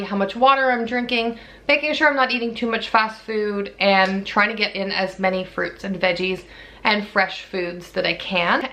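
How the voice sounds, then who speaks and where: A young woman records a casual pregnancy vlog, talking candidly to her viewers. Her voice is bright and sits a bit high, and she sounds slightly out of breath as she chats. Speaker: vlogger.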